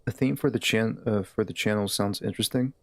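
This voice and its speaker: A man's voice: fairly low pitch, fairly quick, no echo. A man live-streaming a game, chatting in a laid-back, easygoing way with his viewers. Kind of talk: casual live-stream chat.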